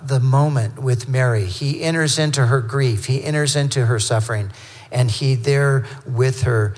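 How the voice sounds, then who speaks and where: A male pastor teaches through scripture in a relaxed, conversational sermon, breaking into quick asides and correcting himself as he goes. His voice has a mid pitch and carries the long reverb of a large hall.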